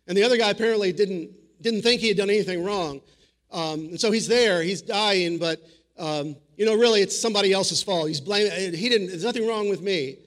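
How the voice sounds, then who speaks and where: A man's voice: sits high, a little fast, a bit bright. A man preaching a sermon in an earnest, conversational way, often restarting his sentences. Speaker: pastor.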